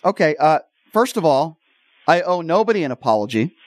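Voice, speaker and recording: A radio talk show host, a man with a high voice, argues with a caller on air. He cuts in and repeats phrases to keep control. The studio sound is close and dry. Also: very animated, brisk, dry recording. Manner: combative, interrupting, repeats himself to hold the floor. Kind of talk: heated call-in radio argument. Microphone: studio microphone.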